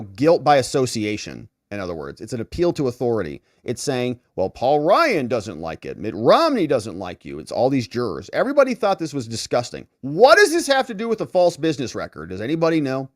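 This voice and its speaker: On his livestream of legal commentary, this host mocks his subjects with sarcasm and performs their quotes in changing voices. His voice is mid-range, and the studio-quality sound has no echo.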